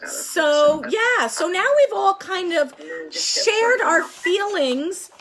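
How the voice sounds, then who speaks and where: A woman facilitating a group discussion over a video call, upbeat and encouraging, quick to laugh. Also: very high-pitched, animated, a bit bright, a little hiss or hum.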